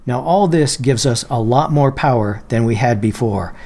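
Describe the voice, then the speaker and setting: A man calmly walking viewers through a software feature in a screen-recorded tutorial, slowing down on quoted phrases and examples. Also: mid-range voice. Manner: patient, explanatory, slows down on quoted phrases. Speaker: Bible software tutorial presenter. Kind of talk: screen-share software walkthrough.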